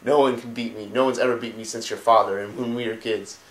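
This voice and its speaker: A man's voice: on the low side, fairly even intonation, fast talker, reverberant, close to an everyday voice, poor audio. A man voicing a veteran male orc warchief who speaks bluntly and approvingly. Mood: earnest.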